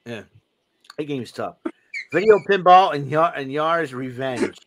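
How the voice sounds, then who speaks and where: A man's voice: on the high side, animated, a little slow, a bit bright. A man co-hosting a podcast, chatting casually and rambling with plenty of fillers as he shows off a gadget. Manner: rambling, enthusiastic show-and-tell with many fillers. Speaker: podcast co-host. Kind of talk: casual chat.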